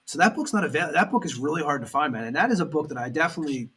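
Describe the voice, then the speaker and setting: A man's voice: on the high side, animated, racing, bright, forceful tone, breathy edge, recorded from a distance. A man hosting a podcast, asking rambling questions full of fillers. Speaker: podcast host. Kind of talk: casual interview.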